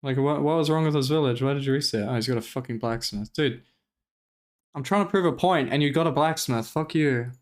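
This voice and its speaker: On a live stream, a man reacts to gameplay with loose, profane commentary, ranting in animated exasperation. His voice is smooth, clear and middle-pitched, and he talks a little fast.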